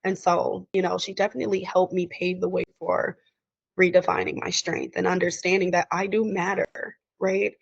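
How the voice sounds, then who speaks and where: A woman's voice: lowish voice, flat delivery, moderate pace, creaky, no room sound. A woman speaking candidly as a podcast guest, emotional and acting out quoted dialogue. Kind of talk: candid interview conversation. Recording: dry, muffled lo-fi audio.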